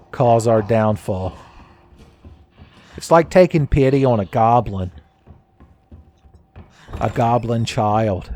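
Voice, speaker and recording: A man giving casual, joking commentary while playing a game, his voice a little raspy today and often breaking into laughs at his own asides. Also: mid-range voice, darkish tone, a little hiss or hum. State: slightly raspy voice. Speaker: gaming commentator. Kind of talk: casual let's-play commentary.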